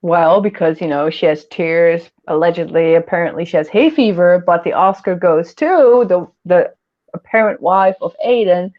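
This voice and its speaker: A woman's voice: lowish voice, moderate pace, lo-fi sound. A woman hosting a casual livestream chat, rambling and giggling often as she talks. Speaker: host.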